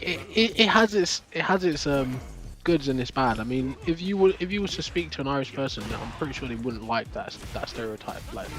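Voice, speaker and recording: A man, chatting loosely with viewers on a live stream, full of fillers and restarts. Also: medium pitch. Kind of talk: casual chat with viewers.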